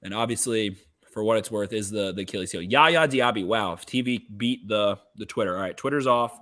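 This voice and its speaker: A man co-hosting a podcast, giving quick, profane football analysis in casual chat. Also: lowish voice, a bit bright. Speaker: podcast co-host. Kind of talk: casual draft-night chat.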